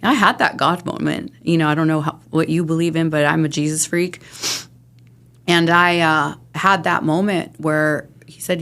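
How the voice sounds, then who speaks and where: A woman's voice: low-pitched, fairly even intonation, normal speed, a bit bright. A middle-aged woman, a podcast guest, speaking candidly and earnestly about her recovery, with frequent restarts and nervous laughs. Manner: earnest, rambling with restarts, laughs through hard moments. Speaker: interview guest.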